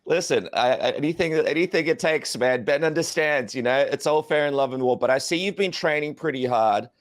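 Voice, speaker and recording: A man's voice: on the high side, brisk. Jokey podcast host, a man. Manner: jokey, banter-heavy. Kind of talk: casual chat.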